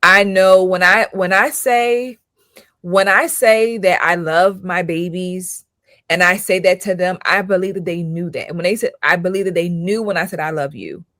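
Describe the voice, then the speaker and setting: A woman's voice: on the low side, fairly even intonation, normal speed, fairly bright tone, no echo, clean studio sound. A woman in her thirties, a school counselor hosting her own channel, talking in a casual commentary style with emphatic rhetorical questions and frequent repetition.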